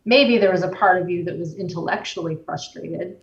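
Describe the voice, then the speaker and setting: A woman guest explaining the nervous system in a measured way, using everyday examples. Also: on the low side, vocal fry. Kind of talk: explanatory conversation. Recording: roomy, distant, dull-sounding recording.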